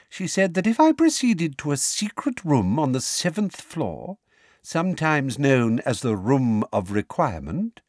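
A man's voice: fairly high pitch, dry recording, studio quality, voice pushed up, full character voice. A man doing a sickly-sweet witch. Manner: silky, falsely sweet, turns snappish. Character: silky, sickly-sweet middle-aged witch official.

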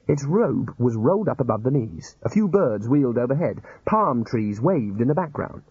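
A man narrating an audiobook in a dry, measured way. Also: mid-range voice, big pitch swings, darkish tone, breathy edge, no room sound. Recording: dull lo-fi recording.

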